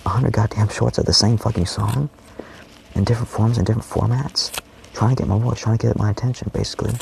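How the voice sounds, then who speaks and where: Gravelly, swearing man rambling in monologue. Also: on the low side, fairly even intonation, fast, a little mellow, slight background noise. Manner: profane, rambling, often dropping to a whisper. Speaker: vlogger.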